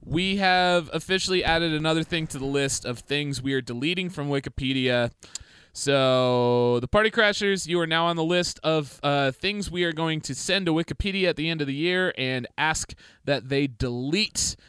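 Casting: smooth-voiced male comedy co-host, crude and rambling, dry close sound. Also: fairly high pitch, normal speed, a bit bright, dry recording. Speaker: podcast co-host. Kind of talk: casual comedic chat.

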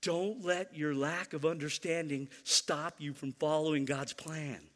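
A man's voice: a little high, steady tone, unhurried, few pauses, long reverb tail. A man preaching a sermon to his church, emphatic and repeating key lines, teasing the congregation now and then. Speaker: pastor.

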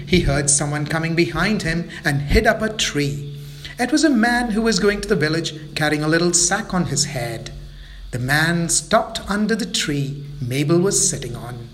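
Expressive male storyteller for children. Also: on the high side, a little hiss or hum.

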